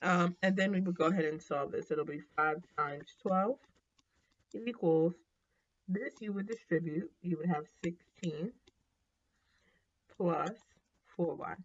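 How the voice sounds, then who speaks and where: Relaxed woman teaching math, lo-fi sound. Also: on the low side, unhurried, long pauses. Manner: relaxed, thinking aloud with frequent ums and self-corrections. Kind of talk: casual whiteboard lesson.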